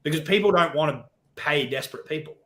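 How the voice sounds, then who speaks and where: A man's voice: fairly high pitch, fast, pushed and bright. A man talking as a podcast guest in casual chat, blunt and swearing, often quoting himself.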